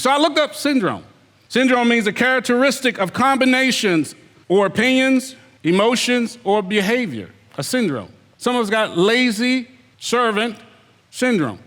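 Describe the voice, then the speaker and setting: A pastor delivers a fiery sermon in a high, sharp voice that echoes through a large hall. He calls out the congregation directly and mocks their excuses.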